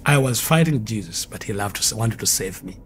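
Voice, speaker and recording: A man's voice: fairly low pitch, expressive, fairly quick, slight background noise. Earnest man telling his testimony. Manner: earnest, vivid storytelling with repeated phrases. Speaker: former occultist giving testimony. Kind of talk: personal testimony storytelling.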